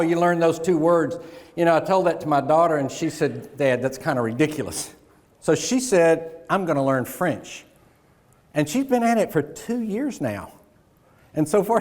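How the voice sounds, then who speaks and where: A man from the South gives a keynote at a conference. His voice sits a little high, and he talks in a jokey, folksy way. A long reverb fills the large hall around him. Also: a little mellow. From American South. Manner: jokey, folksy, with pauses for laughs. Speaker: keynote speaker. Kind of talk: motivational keynote speech.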